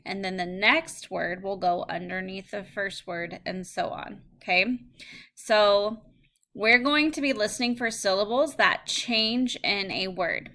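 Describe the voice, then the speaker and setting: A woman teacher giving a recorded phonics lesson, reading words and phrases slowly and clearly for students to spell. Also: medium pitch, bright, forceful tone. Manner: slow, clear word-by-word dictation.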